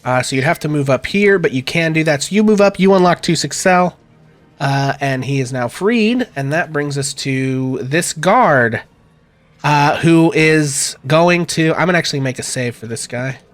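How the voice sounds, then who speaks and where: A man's voice: fairly high pitch, moderate pace. Easygoing male game master. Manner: relaxed, many fillers, chuckling. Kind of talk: running a tabletop game.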